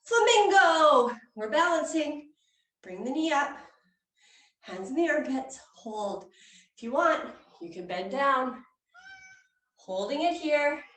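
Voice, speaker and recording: A woman's voice: high-pitched, very animated, slow, pauses often, fairly bright tone. A woman yoga instructor leading a playful, encouraging children's yoga class at an indoor fair, with cheery whoops. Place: indoor hall at a public fair. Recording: echoey room, voice from far off.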